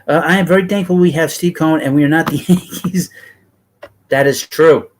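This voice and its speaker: A man's voice: fairly high pitch, fairly even intonation, brisk, a little hiss or hum, low-quality recording. A middle-aged man with a thick New York accent, hosting a baseball livestream and talking bluntly and ramblingly to his chat.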